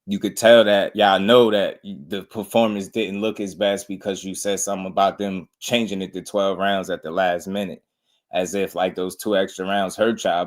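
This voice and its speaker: A man hosting a boxing talk show, chatting in a casual, slangy way and often laughing. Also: sits low. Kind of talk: casual commentary.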